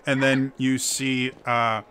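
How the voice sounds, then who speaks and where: Bright-voiced stuttering game master. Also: male voice, mid-range voice, level tone, clear, resonant tone, no echo. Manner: halting, stuttering narration. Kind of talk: narrating a tabletop game.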